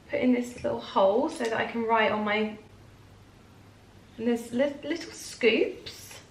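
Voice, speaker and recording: A woman, gushing and excitable as she chats through a casual unboxing vlog at home. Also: fairly high pitch, unhurried, pauses often. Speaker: lifestyle vlogger. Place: home, indoors. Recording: roomy home recording.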